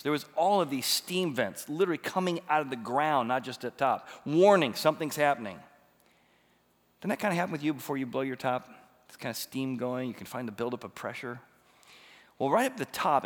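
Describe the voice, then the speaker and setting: A man in his forties preaching a sermon, telling a personal story with animated, rising emphasis. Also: mid-range voice. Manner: animated storytelling, rising to near-shouts when retelling his frustration. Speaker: pastor. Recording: long reverb of a large hall.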